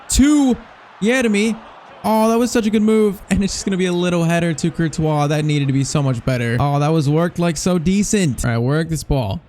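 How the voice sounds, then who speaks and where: A young man giving live, excitable commentary over a football video game, reacting nervously and shouting at big chances. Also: on the high side, slight background noise. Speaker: gaming YouTuber.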